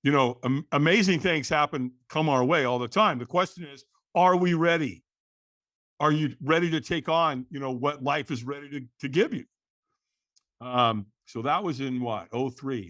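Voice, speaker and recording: A middle-aged man, a guest on a conversational show, telling his story in a lively, animated way, full of "you know" and "right". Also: mid-range voice, normal speed, no room sound, studio quality.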